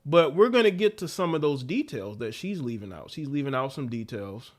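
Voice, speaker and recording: A man's voice: medium pitch, a little fast. A man hosting a livestream, ranting in casual commentary with repeated phrases and laughs. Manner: animated, repetitive ranting with laughs. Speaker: livestream host.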